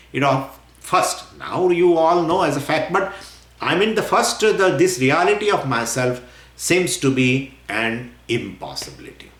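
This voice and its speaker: A man teaching scripture in a lecture. He talks in an animated way, acts out imagined questions and often chuckles. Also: fairly high pitch. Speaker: spiritual teacher. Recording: roomy echo.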